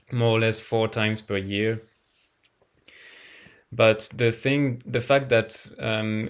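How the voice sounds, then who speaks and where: Non-native English-speaking man teaching astrology, halting and unhurried delivery. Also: fairly low pitch, a bit bright, clear, resonant tone. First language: not English. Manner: hesitant, repeats words while searching for them. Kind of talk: casual explanatory talk.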